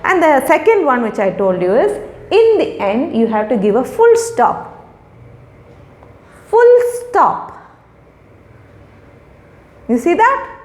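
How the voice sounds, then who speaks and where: A middle-aged woman teacher records a lesson for young children, patiently sounding out each word, repeating it and explaining it. Her voice is high with big swings in pitch, at a normal speed and slightly mellow. The room is echoey and there's a faint hiss or hum.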